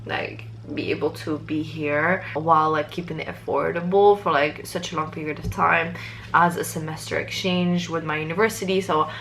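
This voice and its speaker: A young woman from Morocco, an exchange student, chatting casually and excitedly to the camera with lots of fillers. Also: sits low, moderate pace, a little hiss or hum. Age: young adult.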